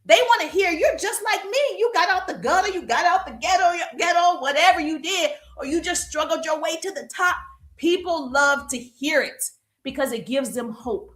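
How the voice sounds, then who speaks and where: A bright, high-pitched woman coach talks energetically in an echoey room at home, likely on her phone. She is emphatic and keeps checking in with "okay?" and "right?". She is warm and perspiring from exercise. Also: animated, moderate pace. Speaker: business coach. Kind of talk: live-streamed coaching talk.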